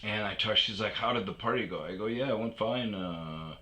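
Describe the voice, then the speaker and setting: A man from Wisconsin telling rambling, profane comic stories that often trail off into low mumbles. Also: fairly quick, sharp tone, soft background music. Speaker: storytelling podcaster.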